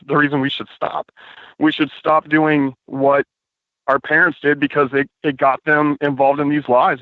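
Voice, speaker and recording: A man's voice: on the high side, no room sound. A man calling in to a show, talking earnestly in a rambling way with many fillers, a little out of breath while walking outdoors in the cold. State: slightly out of breath. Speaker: caller. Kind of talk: casual call-in chat. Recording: tinny dry phone line.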